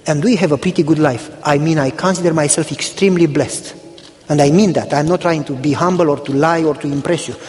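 A Romanian-born male pastor tells a story in a sermon, lively and animated as he plays out the conversations. His voice sits high for a man. The sound carries a long, hall-like reverb. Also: brisk. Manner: animated storytelling, acting out dialogue.

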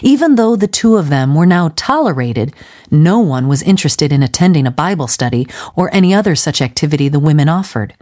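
Female audiobook narrator, lower register, measured and dramatic. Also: lively intonation, darkish tone. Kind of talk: storybook narration.

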